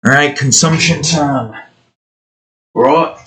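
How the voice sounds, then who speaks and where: A man's voice: a little high, slow pace, fairly bright tone, slightly rough. A man chatting casually as he builds his own game. He rambles, swears, talks to the pieces he edits and jokes in a put-on redneck drawl. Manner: jokingly puts on a redneck drawl. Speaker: hobby game developer.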